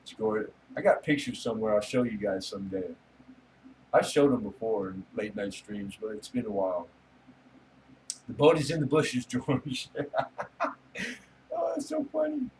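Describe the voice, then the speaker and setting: A man's voice: on the low side, lively intonation, moderate pace, darkish tone, distant mic, slight background noise, rough recording. A man hosting a casual late-night livestream, rambling, joking and swearing casually with his viewers. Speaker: livestream host chatting with viewers.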